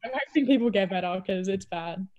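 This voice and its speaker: Speaking a little fast with lively intonation, this Australian-accented young woman, a college basketball player, does a casual video-call interview and laughs a lot. Her mid-range voice is slightly mellow, and the highs are cut off.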